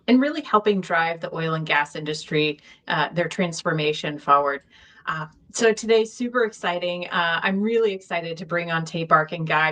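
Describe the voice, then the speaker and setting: A woman with a slightly low voice co-hosts a live business chat over a video call. She talks with enthusiasm and leans on fillers as she goes. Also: fairly bright tone. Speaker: co-host. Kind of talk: casual livestream chat.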